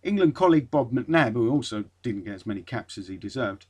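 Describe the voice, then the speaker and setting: A man's voice: mid-range voice, expressive, brisk. A man hosting a podcast, reading an old article aloud and breaking off with dry, wry asides. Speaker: podcast host.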